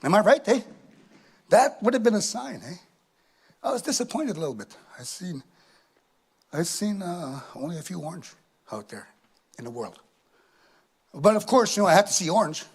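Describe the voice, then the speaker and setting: Male stand-up, raised husky voice, very animated, storytelling with lots of "eh?" tags. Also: high-pitched, normal speed, long pauses. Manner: animated, tag questions with "eh", acts out laughs. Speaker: comedian. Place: live performance venue.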